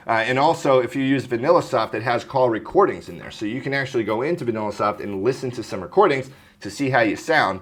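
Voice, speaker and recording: A man coaching viewers on phone sales, talking to camera in a brisk, direct way and often clearing his throat. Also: medium pitch. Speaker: insurance telesales trainer.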